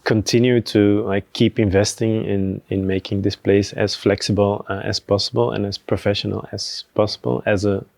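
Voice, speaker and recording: A man talking casually on a podcast about running a venue, relaxed and hesitant with many fillers. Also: on the low side, moderate pace, creaky, few pauses, dry recording. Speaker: venue team member.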